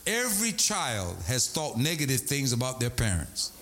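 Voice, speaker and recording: A middle-aged man preaching a sermon from the pulpit, telling stories in an animated way that swings between high and low. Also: moderate pace, few pauses. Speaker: pastor.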